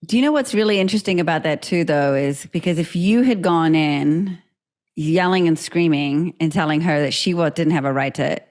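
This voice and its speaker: Low-voiced woman podcast host. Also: normal speed, darkish tone. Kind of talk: reflective interview chat.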